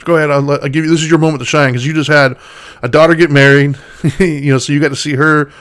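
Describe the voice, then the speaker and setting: A middle-aged man with a fairly high voice, chatting on a podcast. He speaks earnestly and conversationally, often pausing on fillers like "um" and "like." The tone stays informal and sincere. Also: steady tone, fairly bright tone. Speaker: podcast co-host. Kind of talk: casual chat.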